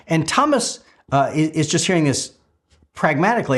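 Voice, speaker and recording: A man's voice: a little high, animated, fairly quick. Middle-aged male pastor preaching. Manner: storytelling, with frequent filler "uh"s and restarts. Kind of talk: sermon.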